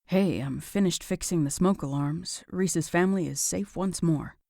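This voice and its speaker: A woman voicing a relaxed, teasing young male firefighter in a romance audiobook, dropping her voice a little. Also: fairly low pitch, moderate pace, gravelly, no room sound, studio quality. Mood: easy.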